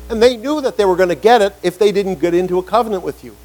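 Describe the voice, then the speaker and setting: Male preacher, high-pitched, animated sermon delivery with acted-out quotes and rising emphasis. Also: fast, hardly any pauses, rough recording.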